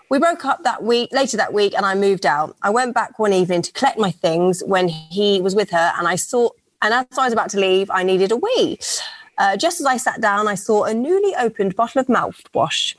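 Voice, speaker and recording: A woman's voice: medium pitch, lively intonation, normal speed. A woman co-hosting a radio dating show, chatting bluntly and reading a listener's story aloud. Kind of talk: casual chat and reading listener stories.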